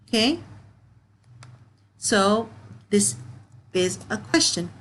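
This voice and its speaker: A woman's voice: medium pitch, animated, slow, long pauses, a bit bright, poor audio. A woman teaching a children's grammar lesson, patient, reading example sentences and checking in with okay.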